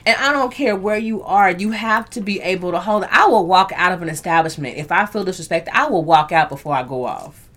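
A middle-aged woman hosts a casual talk show and tells personal stories with animated emphasis. She often restarts her sentences as she builds up a point. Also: fairly low pitch, fairly quick. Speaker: show host. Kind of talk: casual chat, storytelling.

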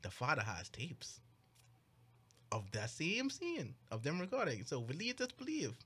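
A young man co-hosting a podcast, recounting a story in casual chat with animated, mock-outraged delivery and quick put-on voices. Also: on the high side, slightly rough. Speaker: podcast co-host.

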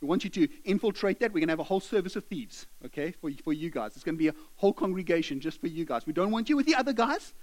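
A man's voice: sits high, rapid-fire, few pauses, rough recording. A man preaching a sermon, telling stories and acting out characters. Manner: animated storytelling, acting out characters. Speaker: pastor.

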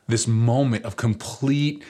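A man preaching a sermon, telling a personal story in a relaxed, conversational way with many fillers. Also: mid-range voice, slow. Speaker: pastor.

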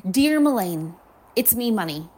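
A woman's voice: a little high, big pitch swings, unhurried, darkish tone. A woman reading a letter in the voice of money personified, tender and reassuring. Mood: affectionate. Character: money personified, a devoted loving female voice.

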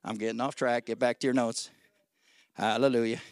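A man in his sixties preaching a sermon as guest pastor, folksy and exhorting, swinging between loud shouts and low asides. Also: little pitch movement, moderate pace, no echo, studio quality. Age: 60s. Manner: folksy, exhorting with 'come on, somebody'.

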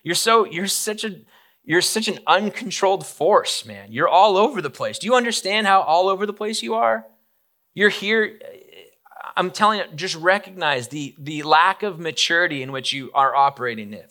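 A man's voice: a little high, fairly quick, hardly any pauses, sharp tone, voice pushed up. A man voicing an exasperated adult male teacher who scolds a follower in a pleading, raised voice.

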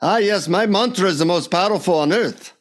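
A man putting on a calm Indian guru. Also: high-pitched, fairly quick, voice pushed up. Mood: serene, instructive. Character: old Indian male guru, calm and sage. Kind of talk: acted quote inside a story.

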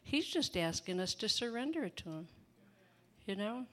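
A woman's voice: mid-range voice, sing-song, moderate pace, a bit bright. A woman preaching an informal sermon in a chatty, folksy way, laughing often and breaking into asides.

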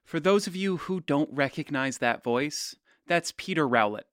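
Male podcast host, loud and teasing, dry close sound, a little higher than most men. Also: animated, normal speed, no echo. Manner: loud and brash; playful, teasing. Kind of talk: scripted podcast narration.

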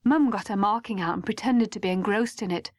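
A woman reading a first-person story aloud as an audiobook, measured and at times hushed. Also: medium pitch, dry recording. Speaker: audiobook narrator.

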